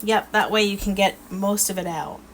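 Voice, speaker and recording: A woman's voice: medium pitch, fairly even intonation, moderate pace. A middle-aged woman, chatting folksily and laughing as she demonstrates a recipe in her home kitchen. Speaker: cooking vlog host. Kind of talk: casual cooking demonstration. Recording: loud background noise.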